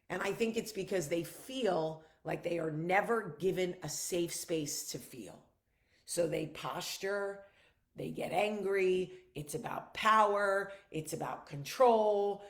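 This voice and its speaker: A woman's voice: on the low side, slow pace. Woman, middle-aged, vlog host, candid, profane, emphatic, reassuring. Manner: earnest, reassuring. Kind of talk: candid monologue to viewers.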